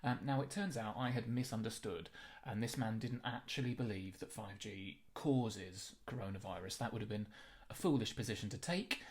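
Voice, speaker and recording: A young man narrates with a dry, deadpan calm, sounding mock-apologetic throughout. His voice sits slightly low and even. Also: moderate pace. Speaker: comedian narrator.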